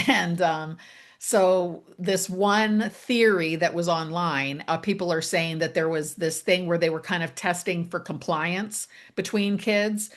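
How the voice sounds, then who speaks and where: A woman in her fifties with a lowish voice, talking casually as a guest. She rambles through her thoughts with many fillers and small laughs. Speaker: author and guest. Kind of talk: casual conversation.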